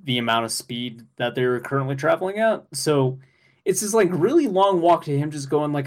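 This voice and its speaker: A man co-hosting a podcast, chatting casually and excitedly, laughing often and rambling with fillers. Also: fairly high pitch, normal speed. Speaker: podcast co-host. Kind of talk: casual chat recapping an anime episode.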